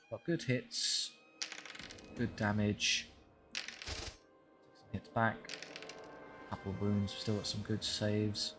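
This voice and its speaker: A man with a fairly low voice talks his way through a strategy game, muttering at his units with dry, frustrated asides. Game music plays clearly behind him. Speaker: gaming channel host.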